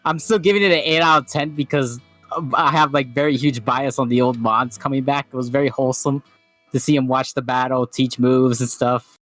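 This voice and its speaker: A man with a mid-pitched voice talks casually over a voice call. He is hesitant and thinks aloud, restarting his sentences often. Faint music plays behind him. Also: fairly even intonation, brisk, fairly bright tone. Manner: hesitant, many fillers and restarts. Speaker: panel guest. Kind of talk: casual reaction chat.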